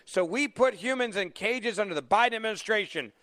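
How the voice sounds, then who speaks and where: A man hosting a talk radio show as fill-in, mocking and animated, taking callers. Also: high-pitched, brisk, few pauses, dry recording. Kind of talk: opinionated talk radio monologue. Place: radio studio. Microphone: studio microphone.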